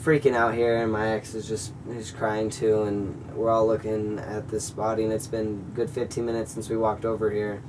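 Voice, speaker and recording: A man's voice: fairly low pitch, little pitch movement, normal speed, few pauses, distant mic, background noise. A young man vlogging, telling a personal story in a rambling, earnest way with lots of fillers, now and then acting out what people said. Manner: rambling, filler-heavy, earnest retelling with acted-out quotes. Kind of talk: casual storytelling to camera.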